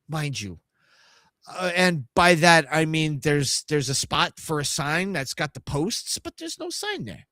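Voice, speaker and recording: Brief: male podcast host, swearing storyteller, rather high voice with a wide swing, dry close sound. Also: no echo. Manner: profane, animated storyteller acting out voices. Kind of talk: casual live podcast storytelling.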